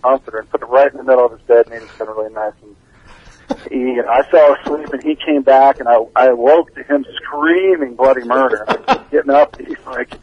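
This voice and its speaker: A man giving a casual interview as a band's bassist, telling stories with a laid-back manner and frequent laughs. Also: moderate pace. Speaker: band bassist, interview guest. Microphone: phone line. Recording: dull lo-fi phone call.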